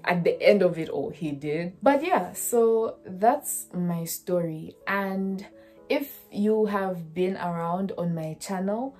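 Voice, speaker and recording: A young woman in her twenties with a slightly low voice shares a personal story, earnest and direct, often pausing to check in with her listener. Soft music sits faintly behind her. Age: 20s. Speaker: student vlogger.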